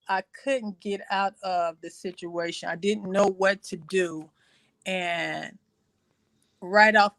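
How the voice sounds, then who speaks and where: A woman telling her personal testimony in conversation. She speaks haltingly, with many fillers and repeated phrases, and raises her voice when quoting others. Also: on the low side, no echo. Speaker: guest sharing her testimony.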